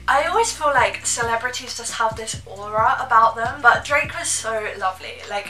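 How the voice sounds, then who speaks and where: A woman's voice: medium pitch, bright, forceful tone, reverberant, recorded from a distance, poor audio. A young woman telling a casual storytime, chatty and full of "like". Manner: chatty, heavy use of "like". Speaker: vlogger.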